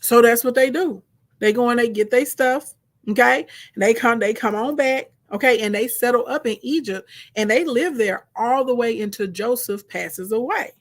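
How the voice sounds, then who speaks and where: A woman retelling a Bible story as a casual lesson in a lively, conversational way, often checking in with her listeners. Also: fairly high pitch, normal speed. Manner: lively, conversational, frequent "okay?" check-ins. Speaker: Bible teacher.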